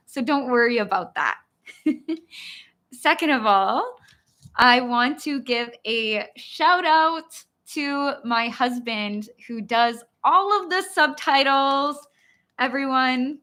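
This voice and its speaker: A bright, slightly high American woman in her thirties hosts a live-stream Q&A as an English teacher. She takes her time, laughing at herself often. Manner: giggly, self-deprecating.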